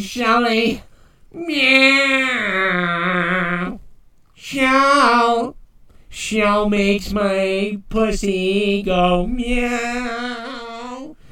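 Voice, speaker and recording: A synthetic woman's voice reading a donation message in a flat, robotic way. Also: a little high, drawn-out words, pauses often, echoey room, distant mic. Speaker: text-to-speech donation message.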